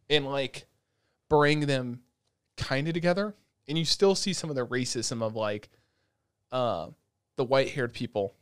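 A man hosting an anime podcast in casual chat, excitable and profane, laughing often. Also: medium pitch, no room sound, studio quality. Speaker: podcast host. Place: at home, talking over Discord.

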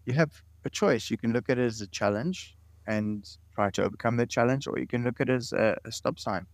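In an interview conversation, a male guest in his late forties shares stories earnestly, repeating words often. His mid-range voice moves a little fast, and the audio has no echo.

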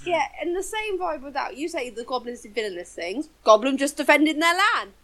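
A woman co-hosting a casual game review chat, playful and giggly, mimicking characters' flat lines. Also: sits high, brisk. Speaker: podcast co-host.

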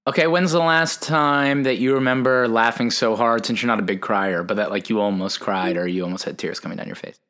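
Bright-voiced male podcast host. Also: mid-range voice, brisk, hardly any pauses. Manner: asks reflective questions, short reactions. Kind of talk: casual chat interview.

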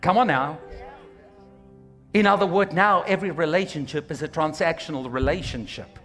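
A man's voice: fairly high pitch, moderate pace, soft background music. A male pastor preaching a sermon, exhorting his church and calling for amens, slipping into quoted voices. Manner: animated, slips into quoted voices.

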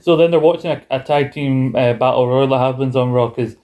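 A man's voice: mid-range voice, fairly quick, warm tone. A man, co-hosting a podcast and animatedly retelling wrestling shows, acting out the quotes. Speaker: podcast co-host. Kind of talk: casual wrestling recap chat.

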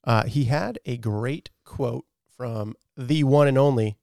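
A man's voice: mid-range voice, slow, gravelly, darkish tone, no room sound, clean studio sound. A man co-hosting a podcast, chatting casually, swearing often and laughing easily. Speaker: podcast co-host.

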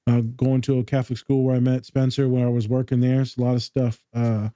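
A man who works as a therapist co-hosts a casual podcast. His voice is warm and mellow, and his delivery is easygoing and jokey. The sound is dry and close-miked. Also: mid-range voice, flat delivery, fairly quick, no room sound, dull audio. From Chicano, grew up in the US. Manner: laid-back, jokey, slangy.

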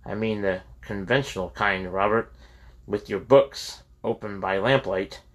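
A man voicing a stern, calm college president. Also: on the low side, measured pace. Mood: firm. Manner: firm, calm, lecturing.

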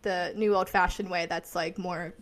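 A woman's voice: lowish voice, fairly even intonation, moderate pace. A woman co-hosting a podcast in casual chat, chatty with many fillers and frequent laughs. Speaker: podcast co-host.

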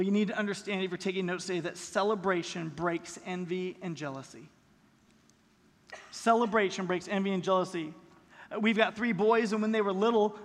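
His voice is extremely high-pitched and fairly bright as this middle-aged man preaches to a church sanctuary. As pastor, he keeps the sermon conversational and full of rhetorical questions, and the big hall lends a long echoing reverb.

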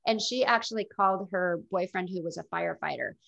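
Candid middle-aged woman, gravelly voice. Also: fairly low pitch, brisk, fairly bright tone. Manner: candid, reflective. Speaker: guest telling her illness story. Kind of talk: casual interview storytelling. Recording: dull lo-fi recording.

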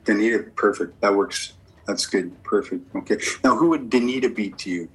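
A man's voice: lowish voice, normal speed, slightly rough, poor audio. A man working as a medium and giving a spirit reading. He asks a string of short yes-or-no questions and answers each reply with "okay, perfect.".

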